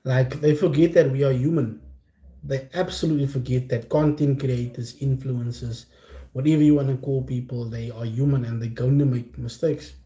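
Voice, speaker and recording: A man's voice: medium pitch, steady tone, normal speed, mellow, roomy sound. A man hosting a casual talk show, speaking earnestly and repeating his points for emphasis. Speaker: podcast host. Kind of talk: casual chat.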